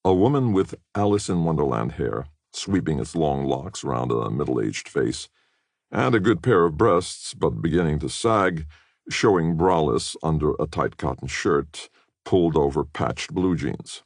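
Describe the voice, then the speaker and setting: A man reading a spy novel as an audiobook narrator, measured and expressive. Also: rumbling low, dry recording, studio quality. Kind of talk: scripted narration.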